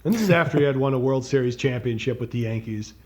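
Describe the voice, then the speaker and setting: A man's voice: medium pitch, quick pace, a little mellow. A man co-hosting a podcast, talking in a chatty, conversational way. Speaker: podcast co-host. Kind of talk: casual chat.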